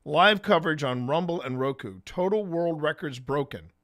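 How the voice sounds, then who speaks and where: Lively, bright-voiced male streamer. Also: on the high side, moderate pace. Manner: rambling, chatty, often clears his throat. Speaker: streamer and host. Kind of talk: casual live-stream chat while gaming.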